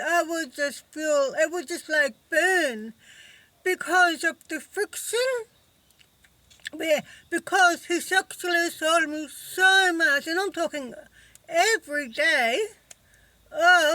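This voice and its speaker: A woman talking to camera in a personal vlog, halting and emotional, with many fillers. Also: high voice, sharp tone, no echo. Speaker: vlogger. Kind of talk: personal recovery vlog monologue.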